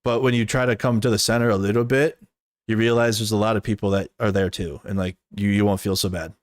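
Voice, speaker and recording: A man's voice: lowish voice, steady tone, fast talker, no echo, clean studio sound. A man in casual stream commentary, talking in a blunt, rambling and profane way, with lots of "like".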